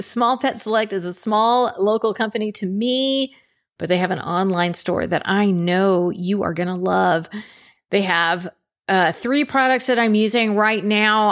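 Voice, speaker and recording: A woman hosts her podcast alone in a loose, chatty way. Her voice sits at a middle pitch. She laughs easily and keeps checking in with the listener. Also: a bit bright. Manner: chatty, laughs often, says "okay?" a lot. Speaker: podcast host. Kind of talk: casual solo podcast talk.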